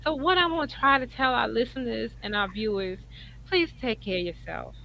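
A woman, co-hosting a casual chat and giving earnest, animated advice. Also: fairly high pitch, normal speed, creaky, low-quality recording. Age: 50s. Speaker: co-host.

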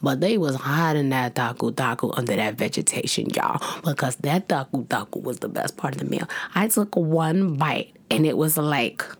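Young woman with a low voice, chatty and animated, food story mode. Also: moderate pace, few pauses, husky. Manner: animated storytelling, lots of "like" and "y'all", swings into dramatic voices. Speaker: podcast co-host. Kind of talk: casual chat.

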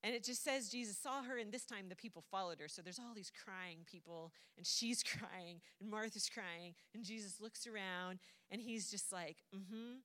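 A woman's voice: mid-range voice, moderate pace, hardly any pauses, pushed and bright. A woman preacher casually retelling a Bible story in a chatty way, often laughing and lightly acting out the voices. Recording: long hall reverb.

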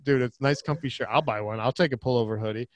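A man from Pennsylvania co-hosts a podcast, chatting loosely and joking, swearing freely. His voice sits at an ordinary middle pitch. He is recorded close on a dry mic with no room sound. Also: quick pace, no echo. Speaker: podcast co-host. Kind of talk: casual chat.

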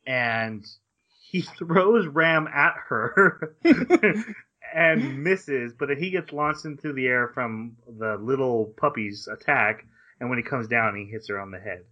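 A man with a bright, forceful voice rambles through an episode recap and drops quick quoted asides along the way. The casual podcast audio sounds a little dull and lo-fi. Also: mid-range voice, animated. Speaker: podcast co-host.

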